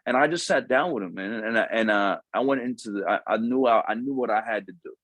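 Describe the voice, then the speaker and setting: Animated, slangy male recruiter telling stories. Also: lowish voice, quick pace, dry recording. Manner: animated, profane, slangy, acts out quoted voices. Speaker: Marine recruiter. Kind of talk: casual podcast storytelling.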